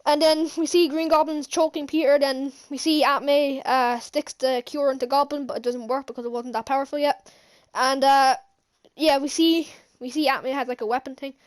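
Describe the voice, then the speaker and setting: A woman giving an excited, rambling movie recap as a vlogger, gushing, with lots of fillers and restarts. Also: high voice, moderate pace.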